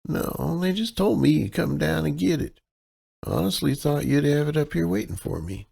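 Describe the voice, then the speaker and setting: A man's voice: fairly high pitch, animated, moderate pace, gravelly, dark tone, breathy edge, voice pushed up, heavily acted. A man voicing a female covert operative who poses as a chirpy clerk with a Midwestern accent, playing a breezy, flirty damsel in distress. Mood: bright, coaxing.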